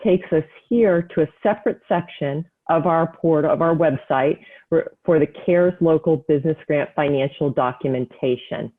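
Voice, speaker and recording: A woman hosts a webinar and walks listeners through steps in a clear, measured way. She spells out web addresses slowly and carefully. Her voice comes through a thin, phone-like line. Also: low voice. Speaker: webinar host, county economic development staff. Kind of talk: scripted webinar presentation.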